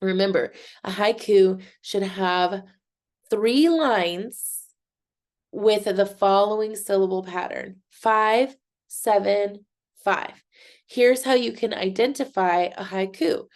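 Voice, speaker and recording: Slow-spoken woman teaching a lesson. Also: medium pitch, darkish tone. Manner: slow, clear, encouraging teacher talk, clapping out syllables. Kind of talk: recorded lesson for children.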